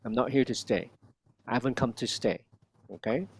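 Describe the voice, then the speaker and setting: A man coaching a student one on one, modeling lines slowly and repeating them with lively energy. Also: medium pitch, creaky, husky. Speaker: accent coach. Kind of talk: one-on-one language lesson.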